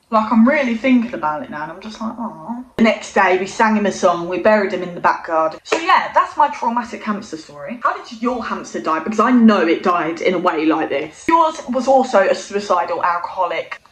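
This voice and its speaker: A young woman casually telling a comic story, swearing often in a deadpan way. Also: mid-range voice, fairly quick, hardly any pauses. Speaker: vlogger. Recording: roomy echo.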